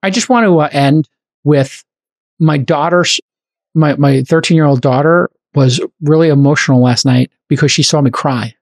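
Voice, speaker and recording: A middle-aged man hosting a podcast in casual chat, talking quickly and enthusiastically with many "like" fillers. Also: a little high. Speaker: podcast host.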